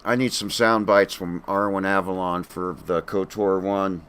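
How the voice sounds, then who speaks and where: A man's voice: sits low, steady tone, measured pace, fairly bright tone, clean tone. A man casually commenting as he streams a video game from home, laid-back and chatty, talking to himself.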